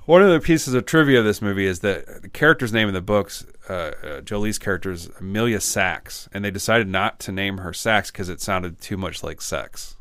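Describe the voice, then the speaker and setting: Deep-voiced man in casual movie chat. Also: a little fast, hardly any pauses, smooth, dry recording. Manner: relaxed, joking, trails off mid-thought. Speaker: podcast co-host.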